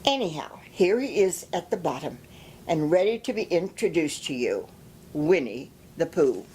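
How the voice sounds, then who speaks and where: A woman reading a children's story aloud, explaining things gently with small restarts. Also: sits low, very animated, normal speed, slight background noise. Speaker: storybook reader.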